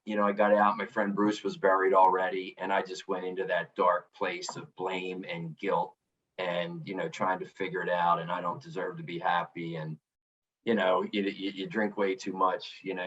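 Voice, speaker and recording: A middle-aged man speaks in a fairly low voice as a podcast guest, earnest and reflective, with frequent restarts. He sits away from the mic. The remote recording sounds dull. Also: far from the mic. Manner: earnest, reflective, many restarts and "you know". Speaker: podcast guest, author and coach. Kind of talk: candid storytelling interview.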